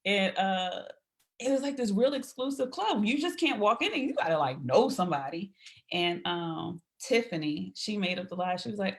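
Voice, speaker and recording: A woman's voice: lowish voice, normal speed. A woman guest on a podcast telling casual stories, acting out the voices of the people in them. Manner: animated anecdotes acting out quoted voices. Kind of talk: casual storytelling.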